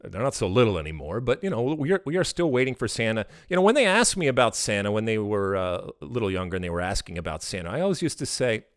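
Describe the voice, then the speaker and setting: A middle-aged man hosting a casual podcast, talking in an animated, emphatic way that swings into loud exasperated rants. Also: lowish voice, fast, few pauses, dry recording, studio quality. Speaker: podcast host.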